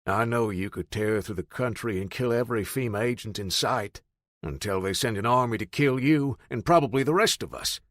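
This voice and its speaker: A man voicing a calm older father, a former officer, speaking in a measured, steady way. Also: on the low side, dry recording, studio quality, natural voice. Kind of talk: audiobook narration.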